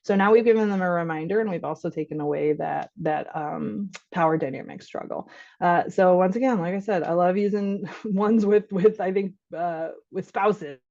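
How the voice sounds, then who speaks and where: A woman's voice: on the low side, moderate pace, a little mellow. Chatty woman doctor, dull lo-fi audio. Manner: chatty, keeps checking in with "right?". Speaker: physician giving a parenting workshop. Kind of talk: casual spoken lecture. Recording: dull lo-fi online workshop audio.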